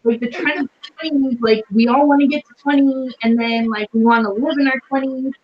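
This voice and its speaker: A woman's voice: sits high, fairly even intonation, fairly quick, highs cut off. A woman of thirty, talking casually as a guest, filling her speech with "like" and acting out her stories. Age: 30s. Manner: chatty, fills with "like" and acts out stories. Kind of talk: casual chat.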